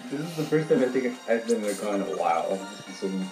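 A woman on a voice call, soft-spoken and laughing along in casual chat. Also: a bass voice, lively intonation, quick pace, faint music behind. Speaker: friend on a call.

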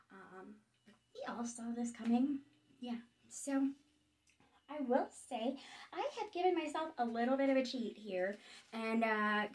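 A bubbly woman in her late thirties rambling through an unboxing vlog with gushing excitement. Her voice sits high and bright. She sounds a little distant from the mic. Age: 30s. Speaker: vlogger.

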